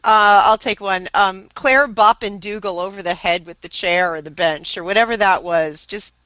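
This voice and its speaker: A woman's voice: medium pitch, a bit bright, smooth, no room sound. A woman co-hosting a casual fan chat, chatty and enthusiastic. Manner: chatty, quick restarts, enthusiastic. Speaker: podcast co-host. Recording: dry muffled lo-fi audio.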